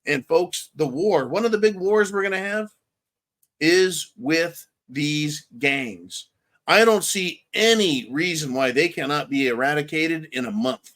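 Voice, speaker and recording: Male host, slightly high voice, blunt and profane, rambling political commentary. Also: expressive, unhurried, a bit bright. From California, USA. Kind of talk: political commentary, answering viewer questions.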